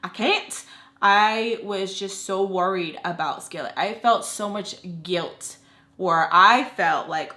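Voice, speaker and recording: A woman's voice: medium pitch, takes it slowly, pushed and bright. A young woman telling a long personal story in casual chat, emotional and full of "like" fillers. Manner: chatty, emotional, many "like" fillers. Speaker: storytime vlogger. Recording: roomy echo.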